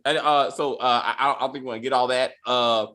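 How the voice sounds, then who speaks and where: A man hosting a casual TV recap chat, animated and profane, breaking into mock voices of characters. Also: mid-range voice, fairly quick. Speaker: podcast host.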